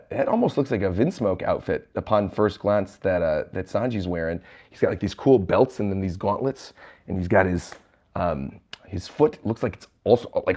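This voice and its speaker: A man's voice: on the low side, a little mellow. A man streaming from a hotel room, reading manga panels aloud and reacting, chuckling often. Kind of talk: livestream manga chapter reaction.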